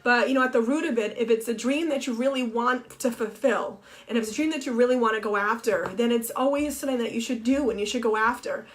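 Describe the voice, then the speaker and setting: A middle-aged woman and blogger talking on a Facebook Live, tearful and halting with many restarts, crying as she speaks. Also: fairly high pitch. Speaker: blogger and TV co-host. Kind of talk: emotional Facebook Live monologue. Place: home office.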